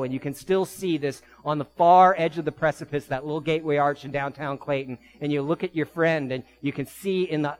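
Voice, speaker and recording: Pastor preaching with soft, slow emphasis. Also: male voice, a little high, low-quality recording. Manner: vivid storytelling, quick bursts then slow soft emphasis. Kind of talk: sermon.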